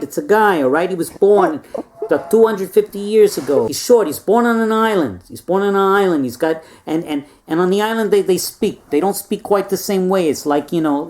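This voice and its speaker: A woman's voice: lowish voice, a little mellow. Rambling woman giving a comic history lesson. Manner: rambling, tags lines with "all right?", repeats words. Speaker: presenter teaching stuffed animals.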